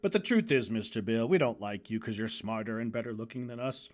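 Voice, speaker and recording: A man voicing a deluded male villain who speaks in a slow, low, threatening register and keeps repeating himself for an animation. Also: expressive, darkish tone, close to an everyday voice. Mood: menacing.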